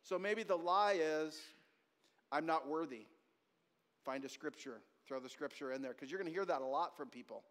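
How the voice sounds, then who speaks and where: A male pastor preaches in a high, animated voice. He speaks to the congregation in a chatty way and often turns to them directly. His words ring out with the long reverb of a church sanctuary. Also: fairly quick, few pauses. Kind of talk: sermon.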